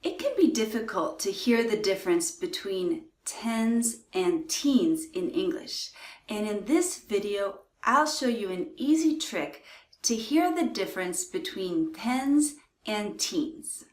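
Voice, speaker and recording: A woman teaching English pronunciation, speaking with deliberate, carefully stressed words and leading repeat-after-me drills. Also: mid-range voice, animated. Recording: echoey room.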